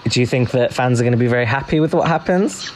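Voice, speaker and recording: Measured male interviewer. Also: mid-range voice, a little hiss or hum.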